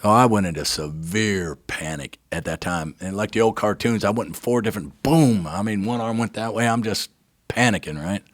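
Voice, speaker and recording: On a talk show, an older male guest with a lowish voice shares a heartfelt personal story at normal speed. Animated, he performs the quoted dialogue and keeps asking "right?". The studio audio is clean, without echo.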